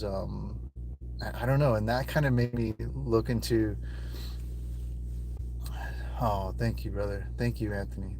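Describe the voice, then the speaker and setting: A man's voice: lowish voice, darkish tone, a little hiss or hum. A man talking casually to viewers on a live stream from his phone, rambling and emotional and swearing often, seemingly from inside a car.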